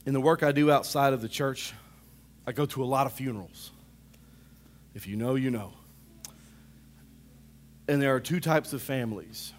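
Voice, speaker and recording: A man preaching a sermon, animated, rising to loud calls and dropping to hushed asides, often saying "come on" to the congregation. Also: mid-range voice, slight background noise.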